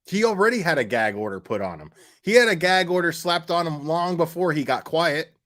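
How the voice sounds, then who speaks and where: A man's voice: a little high, lively intonation, brisk, fairly bright tone. A man hosting a casual commentary stream, talking bluntly with lots of fillers, restarts and swearing, sounding exasperated. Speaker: YouTube commentary host.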